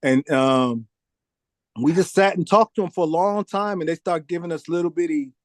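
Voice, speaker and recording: In a casual interview, a record producer guest with a fairly high-pitched voice tells a long story at normal speed. The studio recording is clean with no echo, and he animatedly acts out quoted voices while frequently saying "man."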